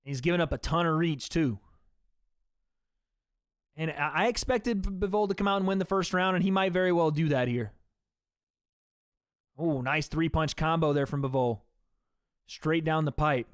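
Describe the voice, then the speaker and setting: A man's voice: a little high, normal speed, pauses often, smooth, no room sound, clean studio sound. A man hosting a livestream, giving casual play-by-play commentary on a fight and chatting to his viewers as guys. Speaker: livestream host.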